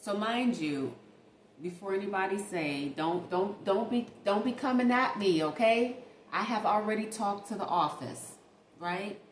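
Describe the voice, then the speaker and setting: A woman tells a personal story to her viewers in a casual, emphatic vlog style. Her voice is mid-pitched and bounces around an echoey room. Faint ambient sound sits behind her. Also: expressive, a little slow, slight background noise. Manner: chatty, emphatic, addresses viewers as baby and y'all. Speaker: vlogger.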